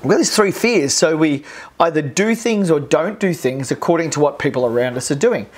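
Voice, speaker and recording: Energetic Australian course presenter. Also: medium pitch, a little fast. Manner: energetic and repetitive, acts out crowd cheers. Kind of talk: recorded course lesson.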